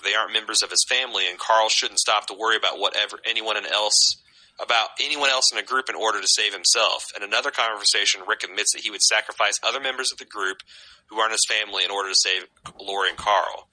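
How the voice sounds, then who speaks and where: A man's voice: fairly low pitch, steady tone, fast, sharp tone, rough recording. A man co-hosting a podcast in casual chat, giving strong opinions and reading out listener comments. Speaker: podcast co-host.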